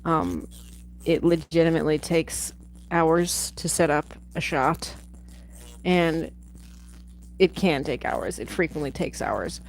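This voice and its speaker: A woman's voice: sits low, animated, slow pace, creaky, long pauses, a little hiss or hum, poor audio. A woman hosting a livestream from home, chatting casually and rambling off on tangents, swearing now and then. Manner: rambling, digressive, swears freely. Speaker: livestream host reviewing a film. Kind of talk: casual chat.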